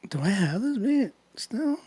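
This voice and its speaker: A man's voice: high-pitched, big pitch swings, measured pace, mellow, husky, no echo. A man hosting a live music critique stream, chatting casually and joking with slang. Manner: laid-back, joking, laughs often, uses slang.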